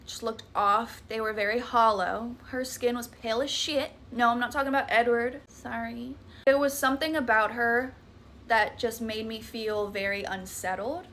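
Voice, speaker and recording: A woman's voice: fairly high pitch, sharp tone. A young woman with a Southern US accent, dramatically telling a scary story in a chatty, profane, casual way. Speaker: TikTok creator.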